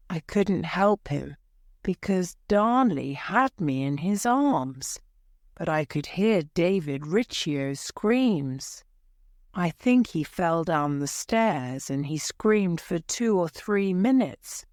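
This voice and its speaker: A woman slowly reading a dramatic story aloud, clear and deliberate, for English learners. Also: on the low side, animated, darkish tone, no echo, clean studio sound. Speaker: story reader.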